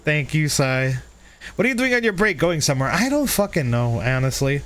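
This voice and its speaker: A man's voice: a little high, sing-song, a little fast, noisy background. Frank, swearing male streamer chatting. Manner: candid, self-critical, swears freely, chats with viewers. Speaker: livestream host. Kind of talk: casual stream chat.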